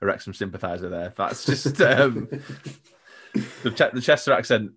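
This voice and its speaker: A man's voice: on the low side, animated, moderate pace, a bit bright, slight background noise. A man co-hosting a casual football podcast, chatty and jokey, laughing often and acting out quotes. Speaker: podcast co-host.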